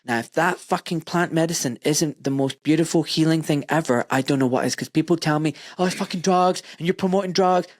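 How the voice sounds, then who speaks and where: Speaking a little high and a little fast with few pauses, this UK man in his forties hosts a podcast in a casual, chatty way. He tells emotional stories and performs his own lines, and the booth recording is dry with no echo.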